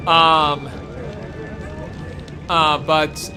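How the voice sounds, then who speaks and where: Over game soundtrack music, a male gaming channel host rambles through a casual gameplay livestream, full of fillers and restarts. He speaks very slowly with a fairly high pitch and fairly even intonation.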